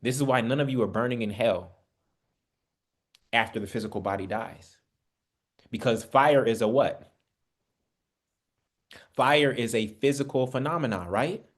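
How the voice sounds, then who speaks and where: A man's voice: medium pitch, measured pace, pauses often. Man preaching with rhetorical questions. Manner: conversational preaching, addresses listeners as family, rhetorical questions. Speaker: Bible study teacher. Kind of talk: spiritual teaching. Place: online Bible study session.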